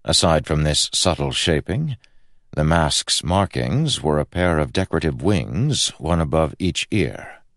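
This is scripted narration by a male audiobook narrator with a deep, gravelly voice. His storytelling is measured and expressive, and the recording is dry and studio quality.

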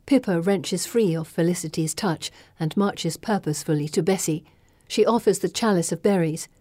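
Woman narrating a dark novel, mellow. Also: medium pitch, dry recording, clean studio sound. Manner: measured, dramatic storytelling. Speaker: audiobook narrator. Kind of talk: scripted first-person narration.

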